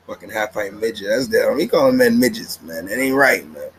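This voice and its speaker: Low-voiced man rambling through an anime review. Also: animated, measured pace, a little hiss or hum, rough recording. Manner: slangy, rambling, laughs often. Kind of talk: casual episode review. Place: at home with the TV on.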